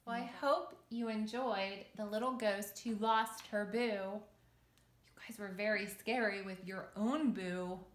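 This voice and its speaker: A woman teacher reading a picture book aloud to children in an expressive, sing-song, encouraging way. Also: medium pitch, unhurried. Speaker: children's yoga and story teacher.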